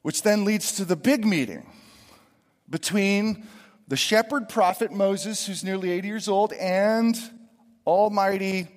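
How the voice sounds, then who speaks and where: A middle-aged man preaching a sermon, lively and expressive, swinging from loud emphatic lines to hushed asides. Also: sits high, measured pace, in a large hall. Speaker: pastor.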